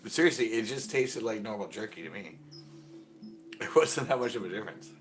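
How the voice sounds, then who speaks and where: Middle-aged male host, low and animated, rambling live-stream storyteller, faint music behind. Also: fairly quick. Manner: rambling storyteller, acts out quotes loudly and laughs often. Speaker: host of a fishing channel livestream. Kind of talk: casual live-stream chat.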